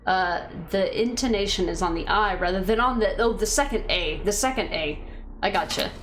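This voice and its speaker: A woman's voice: medium pitch, moderate pace, a bit bright, a little hiss or hum. A woman streaming a game, chatting casually with her viewers and thinking aloud with fillers and restarts. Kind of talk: casual chat reading viewer comments.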